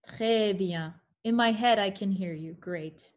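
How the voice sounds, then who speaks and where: A woman's voice: medium pitch, takes it slowly, few pauses. A woman teaching French pronunciation in an online class over a video call. She reads French examples carefully and adds playful asides.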